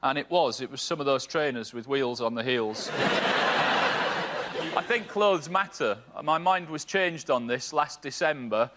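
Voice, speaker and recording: A man's voice: mid-range voice, unhurried, heavy background noise. A man in his thirties doing a stand-up routine on a TV panel show, with a dry, understated delivery and hesitant fillers. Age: 30s. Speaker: comedian panelist.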